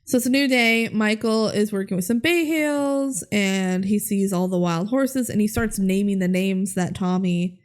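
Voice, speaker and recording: A woman's voice: mid-range voice, normal speed, smooth. A young woman co-hosting a podcast, recapping a movie in casual chat, giggling often and acting out quotes in bouncy voices. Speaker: podcast co-host.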